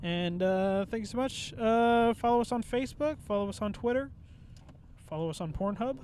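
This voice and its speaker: A man co-hosting a podcast, chatting casually in an animated, rambling way with lots of swearing and restarts. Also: high-pitched, moderate pace, slight background noise. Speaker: podcast co-host. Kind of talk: casual chat. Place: outdoors at a bridge.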